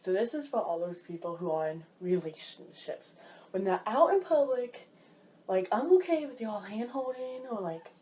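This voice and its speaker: A woman's voice: mid-range voice, sing-song, normal speed, mellow. A young woman ranting casually about everyday pet peeves as a vlogger, exasperated and filling her talk with "like.". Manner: chatty, exasperated, heavy use of "like". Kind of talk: casual list rant.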